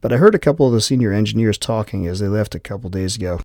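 A man's voice: fairly low pitch, expressive, rapid-fire, a little mellow, no room sound, clean studio sound. A man voicing a jittery, cursing security guard. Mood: wary. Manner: exasperated, cursing. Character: nervous male security guard, jittery and defiant.

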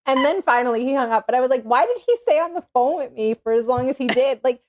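Woman in her thirties with a New York accent, casual chatty storyteller, slightly high voice. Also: fast. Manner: animated storytelling with many fillers. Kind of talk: casual chat.

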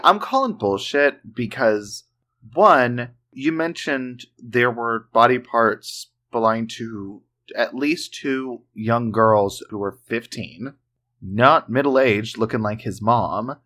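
A man's voice: mid-range voice, a bit bright. A man co-hosting a podcast, reacting with blunt disbelief and casual swearing. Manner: incredulous, blunt, swears freely. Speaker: podcast co-host. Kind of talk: casual chat.

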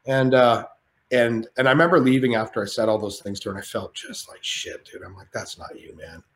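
Guy rambling through a wild story, cussing a lot, mid-pitched, echoey room. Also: brisk. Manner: animated, profane, rambling. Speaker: podcast guest. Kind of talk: casual storytelling.

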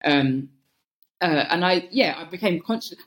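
A woman's voice: on the low side, lively intonation, measured pace, reverberant. A woman from England with a London accent, talking thoughtfully as a podcast guest, often restarting her sentences as she thinks aloud. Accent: London English. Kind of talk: casual interview chat.

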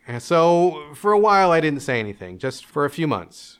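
A young man telling a candid personal story in an interview, animated, acting out his parents' voices and laughing often. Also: a little high, normal speed, few pauses, smooth. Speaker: interview guest.

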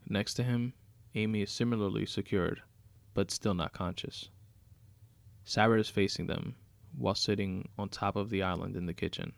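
A man narrates a dark crime story in an even, matter-of-fact way. His low voice has a gravelly fry, and the recording is dry with no room echo. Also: normal speed.

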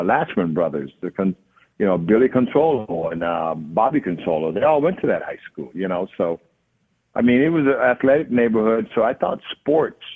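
Jamaican man, low voice, phone-quality guest, rambling relaxed storyteller. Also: husky. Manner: relaxed storytelling with many fillers. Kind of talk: casual interview. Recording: phone-line audio.

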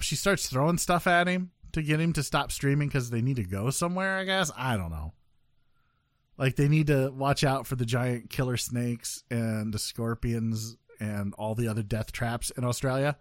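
A podcast host with a medium-pitched, slightly bright voice runs a casual news show at a moderate pace, joking and rambling with plenty of fillers and restarts. The studio-quality audio has no room sound.

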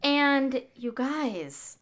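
A woman's voice: high voice, expressive, very slow, fairly bright tone. A woman co-hosting a podcast, telling a true-crime story casually, full of fillers and swearing. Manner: profane, filler-heavy, quotes people in voices. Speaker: podcast co-host.

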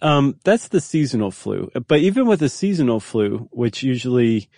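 Male co-host, mid-pitched voice, dry close mic, curious and explanatory. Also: big pitch swings, normal speed, vocal fry, warm tone, dry recording. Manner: curious, explanatory, frequent fillers. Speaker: podcast co-host. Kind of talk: casual conversational chat.

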